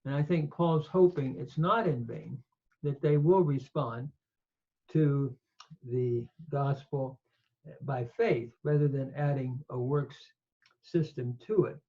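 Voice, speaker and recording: Slow, methodical male Bible teacher. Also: medium pitch, lo-fi sound. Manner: slow, methodical explanation with fillers. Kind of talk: Greek grammar lesson.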